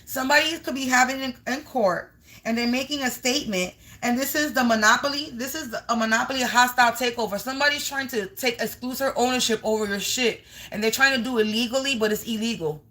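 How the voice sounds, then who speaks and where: A fairly high-pitched woman streams a live spiritual energy reading. She talks straight to her viewers, swears freely, and circles through strings of near-synonyms as she goes. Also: fast talker, sharp tone. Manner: blunt and profane, rambling lists of words. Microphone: streaming live on camera.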